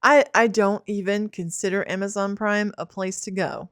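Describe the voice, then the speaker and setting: A woman's voice: medium pitch, fairly even intonation, normal speed, a bit bright, dry recording, studio quality. A woman co-hosting a podcast, chatting casually about movies and acting out what people said. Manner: chatty, acts out quotes. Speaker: podcast co-host.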